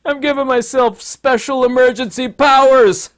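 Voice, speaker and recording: A man's voice: very high voice, fairly even intonation, moderate pace, a bit bright, voice pushed up. A man doing a smug power-grabbing despot. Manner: smug, mocking. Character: smug male despot granting himself powers.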